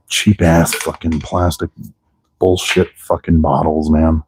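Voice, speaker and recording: A man's voice: rumbling low, flat delivery, slow, a little mellow, breathy edge, no echo. A man hosting a casual live stream from his car restoration garage, chatting loosely with viewers in profanity-heavy shop talk. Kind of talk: casual live-stream chat while working.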